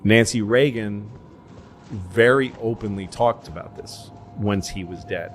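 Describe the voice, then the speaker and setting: Low-voiced man telling rambling stories. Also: unhurried, faint music behind. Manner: rambling, profane, jumps into impressions. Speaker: podcast co-host. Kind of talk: casual storytelling chat.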